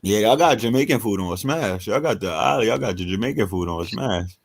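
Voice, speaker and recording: A man from New York in casual chat, swapping stories in quick back-and-forth. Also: lowish voice, animated, vocal fry.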